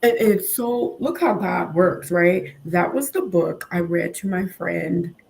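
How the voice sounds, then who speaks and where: A woman interviewer with a lower-pitched voice speaks in a heartfelt, emotional way. A faint hiss of background noise sits under her voice. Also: slow pace, creaky, darkish tone. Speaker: interview host. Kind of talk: casual interview talk.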